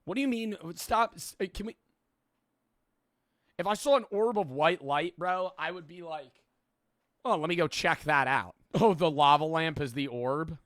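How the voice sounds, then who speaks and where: Excitable swearing male streamer. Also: on the high side, normal speed, dry recording, studio quality. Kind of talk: casual reaction chat.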